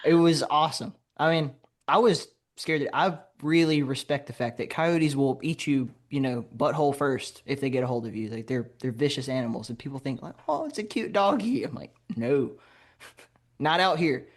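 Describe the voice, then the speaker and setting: Male podcast guest, grew up in Alabama, mid-range voice, spins an anecdote with lively laughs. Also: mid-range voice, normal speed. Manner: lively anecdote telling, laughs while talking. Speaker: podcast guest, game designer. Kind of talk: casual conversational storytelling.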